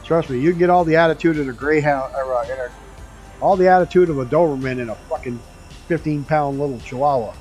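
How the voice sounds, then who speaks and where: A man's voice: fairly high pitch, quick pace, a little mellow, faint music behind, rough recording. A man streaming a flight game, chatting casually and rambling through stories with the odd swear word. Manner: laid-back rambling storyteller, swears casually.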